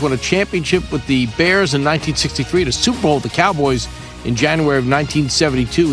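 A male sports anchor reads the news headlines at a rapid clip. His voice sits somewhat high for a man, with soft music running underneath. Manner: brisk newsreader delivery. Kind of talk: scripted news bulletin.

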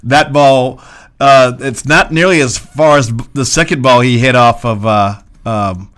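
A man's voice: medium pitch, a little slow, a bit bright. Wry, teasing male radio co-host. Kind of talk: casual sports radio banter.

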